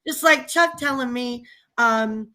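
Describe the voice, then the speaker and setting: A woman's voice: on the high side, slow pace, pushed and bright. A woman chatting casually on a livestream, venting animatedly and laughing often as she tells a story. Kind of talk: casual chat.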